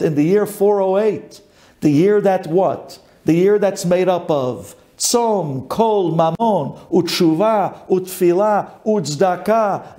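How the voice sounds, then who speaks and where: A rabbi with a darkish-toned voice delivers a dramatic storytelling sermon, chanting lists and swinging between high and low.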